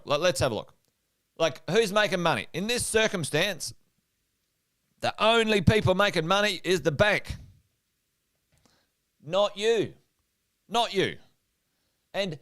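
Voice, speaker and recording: A middle-aged Australian man, an investment coach, talking energetically to a livestream audience, repeating points and quizzing viewers. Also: fairly high pitch. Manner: energetic, repeats himself, asks viewers questions. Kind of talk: whiteboard livestream talk.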